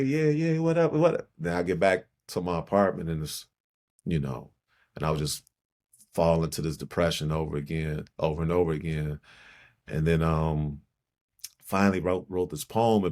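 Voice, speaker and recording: Deep-voiced middle-aged man from Chicago. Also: darkish tone. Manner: reflective, halting, repeats phrases for emphasis. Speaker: podcast guest, poet. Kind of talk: personal storytelling in conversation.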